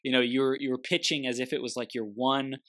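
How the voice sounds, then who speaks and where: A man's voice: mid-range voice, steady tone, fast talker, a bit bright. A man hosting an interview, talking in an easy, encouraging and reflective way. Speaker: interview host. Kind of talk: casual interview chat.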